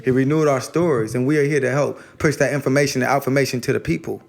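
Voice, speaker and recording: A man's voice: medium pitch, steady tone, quick pace, creaky. A man talking casually about spirituality as a guest, rambling and slangy, often repeating words as he starts a thought.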